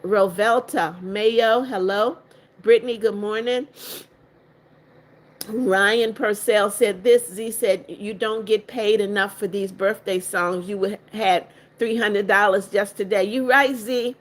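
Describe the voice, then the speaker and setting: A woman's voice: medium pitch, steady tone, slow. An older woman hosting a casual livestream, reading viewer comments aloud one by one and answering each with motherly greetings and blessings, firm with rude viewers. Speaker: livestream host.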